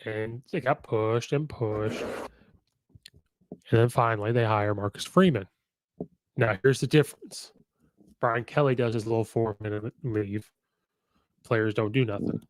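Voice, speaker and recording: A man's voice: fairly low pitch, measured pace, pauses often, no room sound, low-quality recording. A man hosting casual football commentary, chatty and opinionated, acting out quotes as he goes.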